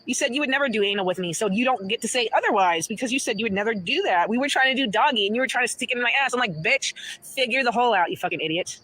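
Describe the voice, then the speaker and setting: A woman's voice: a little high, very fast, few pauses. A woman ranting and rambling profanely in casual livestream talk. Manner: profane, rambling, swings between muttering and shouting.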